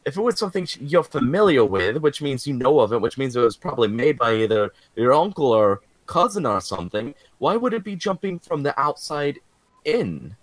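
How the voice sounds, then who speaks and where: A man's voice: mid-range voice, very animated, fairly quick, dry recording. A man playing a tabletop game, reasoning aloud in a hesitant, casual way. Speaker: player.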